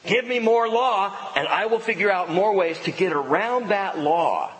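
A man preaching a sermon as a pastor, playful and animated, with sudden emphatic outbursts. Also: high-pitched, normal speed. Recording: reverberant hall with faint ambience.

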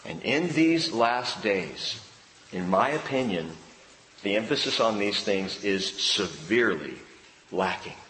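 Man, pastor, preaching in a church hall. Animated, drops to hushed emphasis. Roomy reverb, faint ambience. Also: on the low side, slow, slight background noise. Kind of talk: sermon.

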